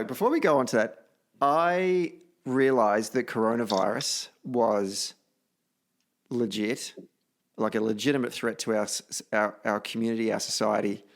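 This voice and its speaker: An Australian man hosts a relaxed podcast chat, telling stories in an animated, self-deprecating way. His mid-pitched voice has a gravelly edge. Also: a little slow. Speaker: podcast host.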